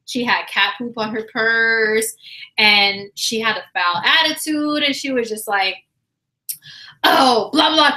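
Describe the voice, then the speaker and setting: A woman hosting a livestream chat, telling a story in a casual, animated, slangy way and acting out quotes, her voice slightly hoarse. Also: fairly high pitch, takes it slowly, rough recording. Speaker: livestream astrology host.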